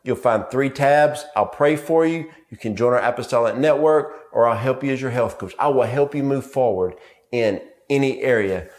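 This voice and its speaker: A man's voice: medium pitch, moderate pace, a little mellow. A man preaching a sermon, telling family stories with rhythmic, repeated emphasis. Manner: storytelling with family anecdotes.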